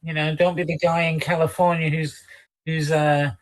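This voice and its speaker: A co-host in casual talk-show chat, speaking haltingly with many repeated words and fillers. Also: mid-range voice, level tone, a crowd in the background.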